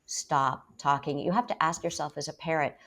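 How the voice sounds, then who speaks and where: A woman talking in a lively debate about parenting, emphatic and quick to act out how parents speak. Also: sits low. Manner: emphatic, quick to mimic parents in put-on voices.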